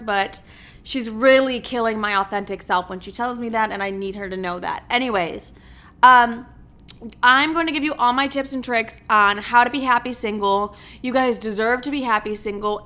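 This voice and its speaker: A young woman with a fairly high, sharp voice hosts her own podcast as a casual solo monologue. She talks brashly and profanely, often mocking herself.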